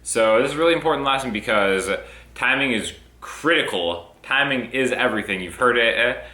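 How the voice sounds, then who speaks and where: A man's voice: medium pitch, expressive, a little fast, pushed and bright. A young man teaching a casual guitar lesson in an upbeat way, counting beats aloud while he plays. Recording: roomy with guitar playing.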